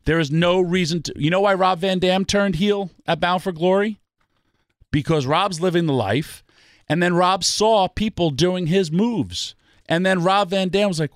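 A man's voice: sits high, moderate pace, no echo, clean studio sound. Fired-up man ranting on a podcast. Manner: fired-up, emphatic, rhetorical questions. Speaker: wrestling podcast guest. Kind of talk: passionate ranting commentary.

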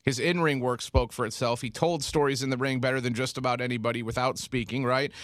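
A man's voice: mid-range voice, steady tone, fairly bright tone, no room sound, studio quality. A man hosting a sports radio talk show, chatting casually with lots of restarts. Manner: chatty, halting with restarts and laughs.

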